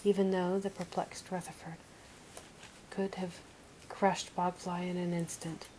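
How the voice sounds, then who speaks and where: A woman reading a fantasy audiobook in a soft, slow whisper. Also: fairly low pitch, little pitch movement, a little hiss or hum, poor audio. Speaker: audiobook reader.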